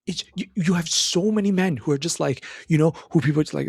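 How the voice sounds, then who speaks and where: A man's voice: fairly high pitch, fast talker, gravelly, a little mellow, husky, no room sound, studio quality. A man giving a casual, earnest commentary on a film scene, emphatic and full of restarts.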